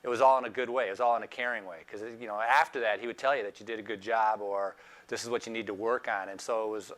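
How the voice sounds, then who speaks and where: A man's voice: on the low side, fairly even intonation, quick pace, fairly bright tone. A man, a former cyclist, fondly reminiscing in a documentary interview with frequent restarts.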